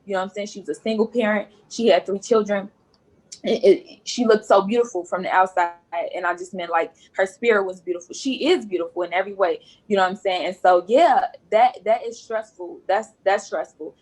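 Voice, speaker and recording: A woman's voice: medium pitch, brisk, a little mellow, rough recording. A woman nurse speaking as a guest on a podcast, earnest and repeating phrases for emphasis. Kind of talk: podcast interview.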